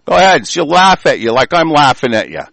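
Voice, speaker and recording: A man's voice: sing-song, brisk, gravelly, dry recording, poor audio. Furious profane man ranting. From United States. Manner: profane, furious, swinging from loud outbursts to low muttering. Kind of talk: angry political rant.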